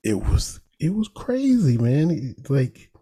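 A man's voice: fairly high pitch, slow, slightly rough. A man from Eastern Kentucky with a country accent, giving casual, folksy sports commentary as a talk host. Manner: folksy, animated, laughs at his own jokes.

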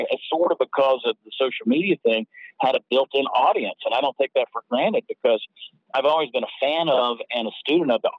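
A man's voice: medium pitch, no echo, highs cut off. A man with a Southern Georgia accent, a guest comedian chatting casually in a rambling, self-deprecating storytelling way. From Georgia, USA. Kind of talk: casual interview chat.

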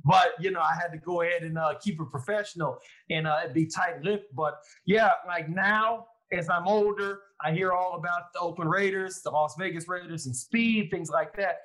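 Bright-voiced man telling a lively story. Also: high voice, moderate pace, rough recording. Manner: animated, lively retelling with quoted inner thoughts. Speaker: guest, former pro football player. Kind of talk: casual storytelling interview.

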